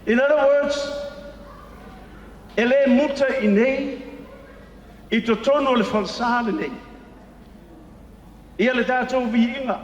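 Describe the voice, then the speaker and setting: A man with a Samoan accent preaching a sermon, switching between Samoan and English and stressing each phrase slowly. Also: very high voice, dull audio, slight background noise. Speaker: pastor. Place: large church hall. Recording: echoey hall with long reverb.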